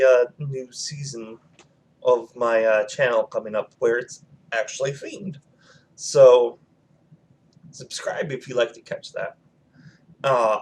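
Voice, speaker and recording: A man in a mid-range voice tells a personal anecdote to his audience at an unhurried pace. He rambles, stops to search for words, and quotes what everyone said along the way. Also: mid-range voice, darkish tone. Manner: rambling, with many fillers and quoted dialogue. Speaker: channel host telling a personal story. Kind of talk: casual storytelling vlog.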